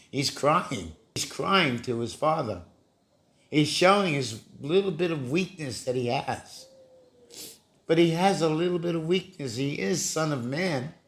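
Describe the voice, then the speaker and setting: A man giving informal Bible commentary, recovering from a cough. He talks in a halting way, repeating words, asking rhetorical questions and growing insistent. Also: on the high side. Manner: grows heated and insistent. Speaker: lay preacher.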